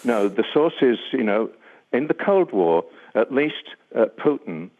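An older man, a defence analyst, answering a radio interviewer gravely and deliberately, with many ums and uhs. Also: medium pitch, very animated. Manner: measured, grave, with frequent um and uh. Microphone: phone line. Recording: tinny phone line.

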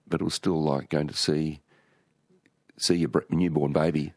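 An older Australian author, speaking in a very deep voice with fairly even intonation and normal speed, tells stories during a relaxed conversational interview. He rambles and restarts frequently, and the studio sound is clean with no echo.

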